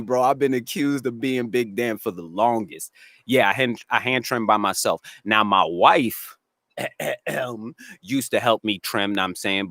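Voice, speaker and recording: A man with a raspy voice and a New England accent, chatting casually and laughing often on a live stream. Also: medium pitch, bright, forceful tone, dry recording, clean studio sound. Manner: slangy, laid-back, laughs often. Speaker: cannabis grower and streamer. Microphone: dry close mic, studio.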